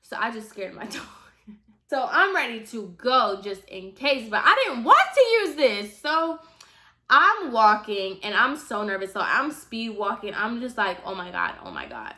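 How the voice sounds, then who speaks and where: A woman vlogger tells a story in a casual, chatty way, full of "like" and direct asides to her viewers. Her voice sits a little high and sounds bright and forceful. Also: lively intonation, measured pace. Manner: chatty, heavy use of "like", addresses viewers directly.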